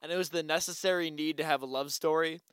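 A man's voice: on the high side, steady tone, fast talker, fairly bright tone, clean tone, no echo. A man chatting casually about a movie, blunt and swearing when something annoys him. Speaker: movie reviewer. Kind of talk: casual chat.

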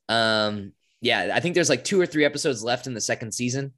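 A young man co-hosts a podcast, chatting casually and enthusiastically with plenty of filler words. His medium-pitched voice is expressive, brisk, and a bit bright.

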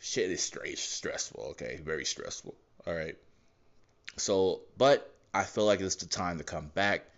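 Rambling, profane man, lively lo-fi podcast voice. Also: low voice, measured pace, vocal fry. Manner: profane, meandering, lots of fillers and self-corrections. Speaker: podcast host. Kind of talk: casual rambling monologue. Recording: dull lo-fi recording.

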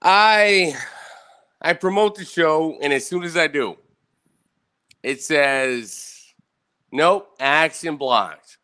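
Brief: livestream host, man, furious profane rant, higher voice, slow deliberate delivery. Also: pushed and bright, clean tone. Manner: swears constantly, asks "right?" after each point. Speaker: host of a live online show. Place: indoor room with bright light and a fan.

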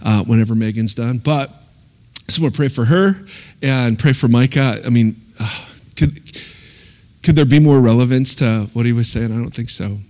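A man's voice: medium pitch, moderate pace, a little mellow. A man joking casually before handing over with a short prayer. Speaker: speaker closing with a prayer. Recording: long reverb in a large hall.

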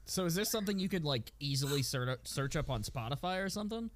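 A man co-hosts a casual podcast in a fairly high voice with wide, lively swings of pitch. He tells his stories animatedly, chuckling as he goes. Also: fast talker, slight background noise. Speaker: podcast co-host. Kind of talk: casual chat.

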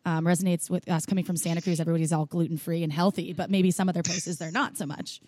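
A woman hosting a podcast, asking curious, tentative questions with small soft laughs. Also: lowish voice, steady tone, fast, no echo, studio quality. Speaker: podcast host. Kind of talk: casual interview question.

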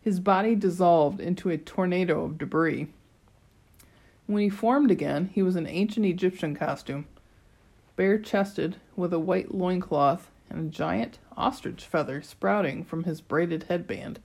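Slow, low-voiced woman narrator. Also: creaky, darkish tone. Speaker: audiobook narrator. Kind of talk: scripted narration.

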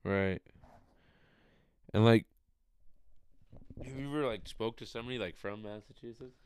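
A man's voice: fairly low pitch, normal speed, a little mellow, clean tone. A man co-hosting a casual podcast, loose and agreeable, peppering his talk with "like" and "whatever". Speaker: podcast co-host.

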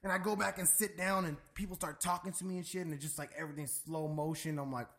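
Young dude rambling a wild story, cusses a lot, kinda high voice. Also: male voice, steady tone, fast talker, fairly bright tone. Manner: loose, profane storytelling, constant "bro" and "dude". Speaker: storyteller in a podcast chat. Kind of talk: casual chat.

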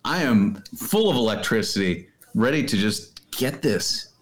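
A man's voice: on the low side, measured pace. A man co-hosting a sports podcast from home, joking in casual banter. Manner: animated, joking. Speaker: podcast co-host.

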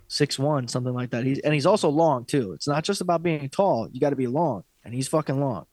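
A man's voice: mid-range voice, a little fast, darkish tone, no echo. Blunt, foul-mouthed male fight podcaster. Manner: blunt, profane and opinionated. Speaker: podcast co-host. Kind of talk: casual sports chat.

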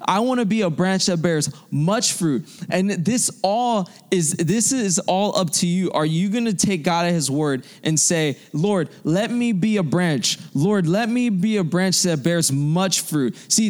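Young man, high voice, fervent preacher, repeats phrases for emphasis, youth sermon. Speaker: young adult ministry preacher.

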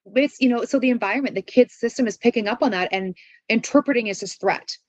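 A woman's voice: on the high side, fast talker, no room sound, lo-fi sound. A woman giving parenting advice in an interview, earnest and coaching, asking many rhetorical questions and checking in with "right?". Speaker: parenting expert guest.

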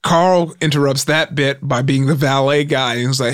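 A man's voice: normal speed, dry recording, clean studio sound. A man hosting a casual comedy podcast chat, telling a story with energy and acting out the quotes of others. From Nigerian family background. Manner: animated storyteller, acts out quotes with jumps in pitch.

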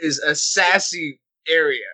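A man from Mexico co-hosting a casual podcast, trading quick teasing comebacks. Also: a little high, pushed and bright, dry recording, rough recording. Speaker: podcast co-host.

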